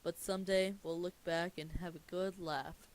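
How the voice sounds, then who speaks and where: A casual reader voicing an eager, earnest young male sea sponge fry cook who pleads and shouts in bursts. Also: mid-range voice, steady tone, moderate pace, natural voice. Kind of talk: casual script reading.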